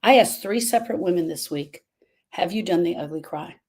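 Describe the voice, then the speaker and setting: A woman's voice: fairly low pitch, brisk, a little mellow, slightly rough. A woman grief coach talking casually to viewers on a live stream, earnest and repeating herself as she drifts off topic.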